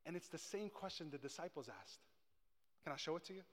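A man preaching a sermon as pastor in a church, switching between loud, impassioned stretches and hushed ones and repeating his phrases. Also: fairly high pitch, lively intonation, fairly quick, big-room sound. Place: church sanctuary.

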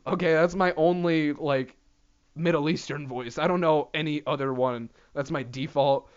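A man's voice: a little high, moderate pace, clean tone. A man hosting a solo comedy podcast, rambling and swearing freely. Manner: profane, rambling, animated. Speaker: podcast host. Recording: dull lo-fi audio.

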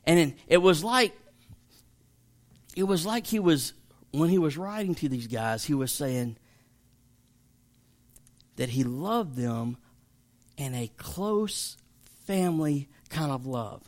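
A man's voice: a little high, animated, slow pace, long pauses. Chatty man teaching Scripture. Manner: chatty, emphatic, joking with listeners. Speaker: pastor teaching a Bible study. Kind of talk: casual evening Bible teaching.

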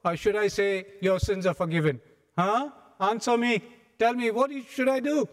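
A man's voice: medium pitch, normal speed, darkish tone, big-room sound, natural voice. A man acting out a commanding male teacher who challenges his critics and demands answers. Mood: challenging.

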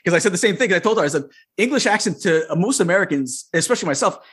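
A man's voice: high-pitched, expressive, very fast, a bit bright, slightly rough. A man with a thick Long Island New York accent, hosting a podcast interview in an easygoing, friendly way, often repeating his words. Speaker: podcast host. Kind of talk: casual interview chat.

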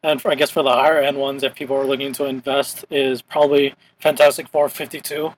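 A man's voice: medium pitch, level tone, quick pace, a little hiss or hum, low-quality recording. A young man from Hawaii hosting a casual podcast chat, rambling with lots of "like" fillers. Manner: rambling, heavy use of "like" as filler. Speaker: podcast host.

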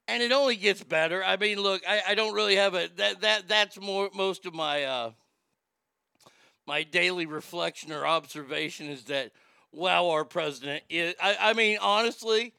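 Laughing gravelly-voiced man host. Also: high voice, sharp tone, no room sound, clean studio sound. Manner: laughs often, crude jokes. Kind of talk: casual comedic commentary.

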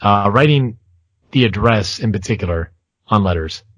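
A man's voice: lowish voice, lively intonation, normal speed, fairly bright tone, no echo, lo-fi sound. Hesitant young man telling a story. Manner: hesitant storyteller with many ums and restarts, self-mocking. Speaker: podcast co-host. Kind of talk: casual podcast chat.

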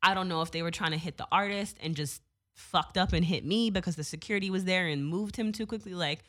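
Young woman, lower voice, loose and animated anecdote delivery with frequent filler words and swearing. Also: fast. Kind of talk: casual storytelling.

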